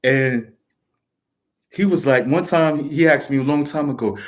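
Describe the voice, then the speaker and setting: A man's voice: mid-range voice, measured pace, long pauses. A man talking straight to camera in a passionate, rambling way, swearing often and restarting his sentences. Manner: restarts and repeats words. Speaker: show host. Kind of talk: casual monologue to camera.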